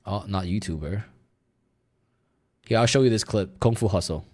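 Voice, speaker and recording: A man with a somewhat low voice talks casually on a live stream. He rambles, fills gaps with hesitant sounds and thinks aloud as he goes. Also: normal speed. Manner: rambling, searching aloud with fillers.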